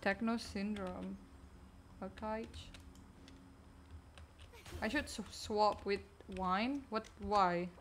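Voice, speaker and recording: A woman's voice: mid-range voice, drawn-out words, long pauses, music in the background. A woman streamer chatting casually while gaming, answering chat in a chatty, distracted way.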